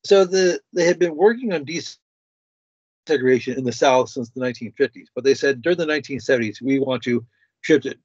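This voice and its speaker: A man appearing as a guest on a talk show, explaining slowly and hesitantly with frequent fillers and restarts. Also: mid-range voice, a little mellow, breathy edge, dry recording. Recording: dry dull lo-fi sound.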